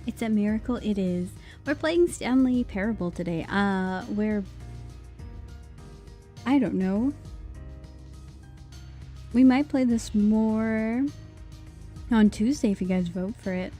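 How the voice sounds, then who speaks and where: A woman's voice: medium pitch, takes it slowly, long pauses, dark tone, faint music behind. A young woman streamer chatting casually and apologetically while playing a game. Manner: chatty, laid-back, apologetic. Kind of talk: casual live-stream chat over gameplay.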